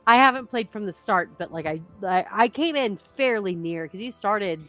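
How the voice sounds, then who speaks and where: A woman talking casually as a player after a tabletop campaign, quick with quips. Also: mid-range voice, expressive, a bit bright, soft background music. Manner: quick quips, laughs often.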